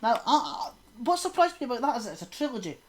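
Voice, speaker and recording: A very animated woman with a slightly high voice talks fast while co-hosting a podcast, rambling loosely about horror films with lots of fillers and trailing laughs.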